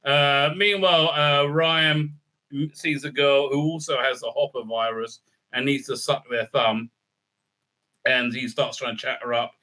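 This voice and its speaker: Bright, rambling sarcastic male reviewer. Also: mid-range voice, fairly even intonation, unhurried. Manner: rambling and sarcastic, many fillers, acts out scenes in silly voices. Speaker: TV episode reviewer. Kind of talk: casual episode recap and review.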